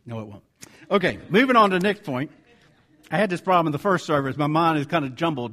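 Fairly quick and high-voiced, a Southern American pastor keeps his sermon animated and conversational. As he reads scripture, he corrects himself along the way.

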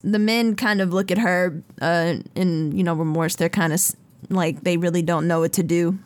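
A woman game master narrating a tabletop game in an unhurried, descriptive way with many fillers. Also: fairly low pitch, steady tone, a little mellow, no echo, studio quality.

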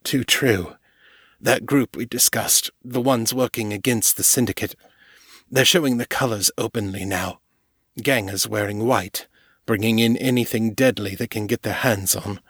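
A man's voice: lowish voice, moderate pace, a bit bright, husky, no echo. A man voicing a wounded, weary man who speaks faintly and shakily with wry understatement. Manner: faint, shaky, dry understatement.

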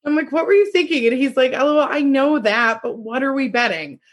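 A woman's voice: high-pitched, lively intonation, a little fast. A young woman co-hosting a podcast, animatedly retelling a dating story with acted quotes and laughter. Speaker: podcast co-host. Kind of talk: casual chat, storytelling.

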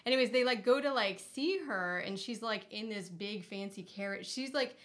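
Woman, podcast co-host, casual chat, mid pitch, rambling, filler-heavy. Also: normal speed, a bit bright. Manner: chatty, many "like" fillers, storytelling with quoted voices. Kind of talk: casual movie discussion.

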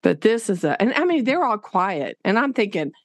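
Animated woman teacher. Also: mid-range voice, moderate pace, dry recording. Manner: animated, laughing, acts out quotes. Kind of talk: casual storytelling interview.

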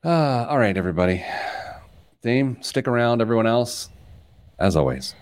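A man's voice: medium pitch, normal speed, dry recording, clean studio sound. A man hosting a personal finance radio show, chatting casually and joking at his own expense. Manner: self-deprecating, animated and joking. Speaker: podcast host, financial planner.

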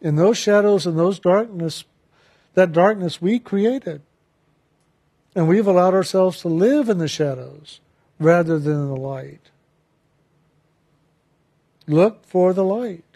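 A man with a fairly high voice shares a personal story in an earnest, reflective way. He slows down to stress the key phrases as he draws a spiritual lesson from it. He talks in an unhurried storytelling manner. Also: dark tone.

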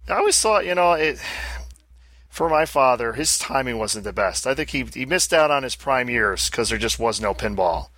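A man's voice: medium pitch, lively intonation, normal speed, bright, forceful tone, no room sound. A man co-hosting a podcast in casual chat, teasing and wry.

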